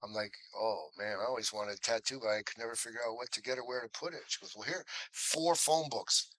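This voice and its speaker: A man's voice: fairly low pitch, fast, dry recording, rough recording. A man telling stories from his acting career in an interview, acting out the voices of the people in them. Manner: animated storyteller, acts out quotes. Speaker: actor guest. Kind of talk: storytelling interview.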